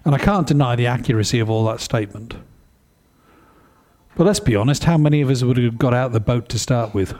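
A man preaching a sermon in a conversational, animated way, often asking his listeners questions. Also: mid-range voice, fast talker.

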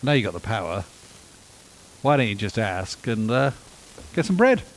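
A man's voice: fairly low pitch, sing-song, normal speed, low-quality recording. A man preaching a sermon, voicing the devil as a sly tempter who coaxes casually. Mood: coaxing. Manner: coaxing, casual.

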